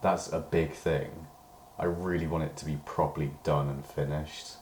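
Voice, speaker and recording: A man's voice: very deep voice, little pitch movement, normal speed, a little mellow, roomy sound, slight background noise. A British man in a rambling personal diary monologue, meandering and hedging, swearing when he gets worked up. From Britain. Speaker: diary vlogger.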